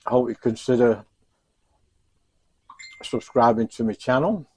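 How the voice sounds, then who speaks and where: A man's voice: medium pitch, a little slow, breathy edge. A man chatting casually in a home cooking vlog, self-mocking and chuckling as he tries his food. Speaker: cooking vlogger.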